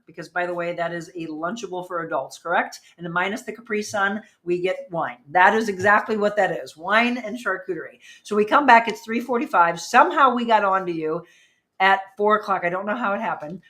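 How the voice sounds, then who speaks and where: A middle-aged woman hosting a casual livestream chat, talking quickly and laughing with people around her. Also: medium pitch, a bit bright. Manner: chatty, laughing, quick asides to people in the room. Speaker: host.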